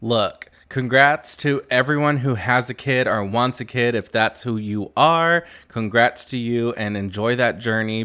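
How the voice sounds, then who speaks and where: Young male gossip podcaster, sassy and campy, mid-pitched, close podcast mic. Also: fairly bright tone, clear, resonant tone. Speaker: podcast host. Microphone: new podcast mic.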